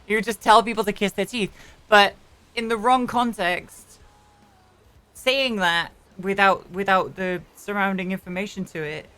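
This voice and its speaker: A woman's voice: medium pitch, fairly even intonation, measured pace, a bit bright, clear, resonant tone, soft background music. A woman streamer chatting casually while roleplaying, rambling with many restarts and the odd swear. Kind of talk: casual chat.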